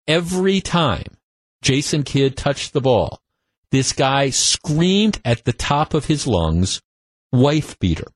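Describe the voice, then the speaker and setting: A man's voice: mid-range voice, sing-song, slow pace. A man hosting a talk radio show, telling a story in a conversational monologue full of restarts, on a studio microphone.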